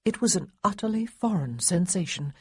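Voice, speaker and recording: A woman narrating a historical romance audiobook in an expressive way, lightly voicing the characters. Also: fairly low pitch, moderate pace, breathy edge, dry recording, studio quality. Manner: expressive, voices the boys lightly. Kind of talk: scripted narration.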